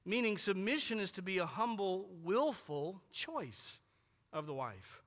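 A man preaching with a high, bright voice that rings through a hall with a long reverb. He is emphatic, repeats his key phrases and slows down sharply to press home single words. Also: lively intonation. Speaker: pastor. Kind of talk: sermon.

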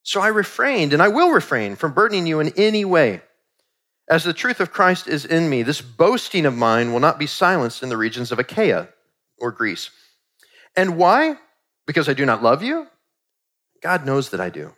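A middle-aged man preaching a sermon in a conversational, animated way, acting out quoted asides. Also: fairly high pitch, moderate pace. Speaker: pastor.

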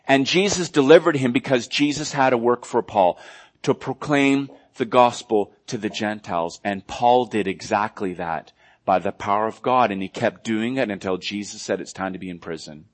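A male pastor preaching a sermon earnestly, moving between loud emphasis and hushed, quiet passages. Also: lowish voice, normal speed.

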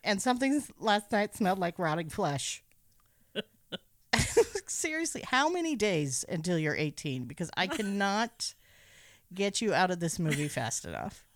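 A playful woman co-hosts a casual podcast and recaps a film with a sarcastic edge. Her pitch swings widely as she talks, and she laughs often. The recording sounds dry and close. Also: dry recording. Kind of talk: casual chat.

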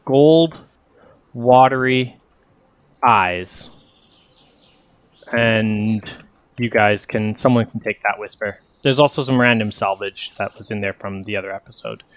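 A man running a tabletop game as game master, explaining rules in a relaxed, rambling way with many fillers. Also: fairly low pitch, unhurried, pauses often, no echo.

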